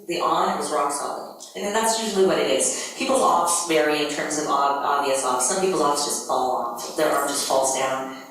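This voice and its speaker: A woman's voice: fairly low pitch, a bit bright, slight background noise. A woman leading a group energy workshop, explaining things to a large audience in an upbeat, conversational way. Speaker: workshop facilitator. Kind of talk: live workshop presentation. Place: large conference hall. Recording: echoey hall from far off.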